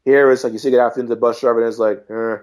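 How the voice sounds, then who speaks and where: A man's voice: mid-range voice, rapid-fire. Man telling travel stories. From Trinidad and Tobago. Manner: animated, acts out quoted voices. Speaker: guest. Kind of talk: casual storytelling chat.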